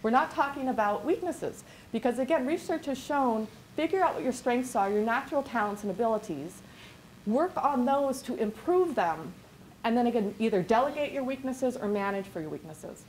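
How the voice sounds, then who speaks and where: In a classroom workshop, a woman business coach speaks at a moderate pace in a somewhat high, slightly mellow voice with lively intonation, and a little hiss or hum is present. She's chatty and meandering, with frequent restarts and quoted asides.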